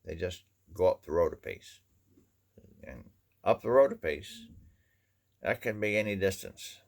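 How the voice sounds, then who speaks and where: A man with a Maine accent talks in a rambling, folksy way, padding his sentences with "you know". His voice sits very low and has a heavy gravelly fry. He sounds like he is chatting to a camera on a lazy afternoon. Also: very animated, unhurried. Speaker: vlogger. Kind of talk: casual folksy monologue.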